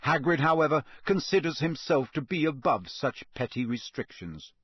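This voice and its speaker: A man reading a novel aloud as narrator, in a steady, measured storytelling voice that is slightly husky. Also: a little high, no echo, studio quality. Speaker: audiobook narrator.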